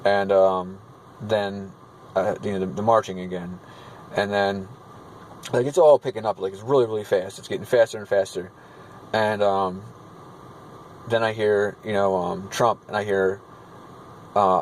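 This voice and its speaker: A man with a fairly low voice talks loosely and rambles, with lots of ums and restarts. Steady noise from a car or the street sits clearly under his voice. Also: a little slow, long pauses, poor audio. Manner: rambling, many fillers and restarts. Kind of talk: casual spoken recount of a vision.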